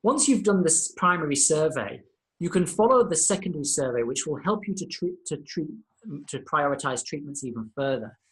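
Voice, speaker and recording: A man's voice: a little high, expressive, moderate pace, fairly bright tone. A man with an Australian accent, a senior lecturer giving a recorded lesson to paramedic students in an informal, instructive manner.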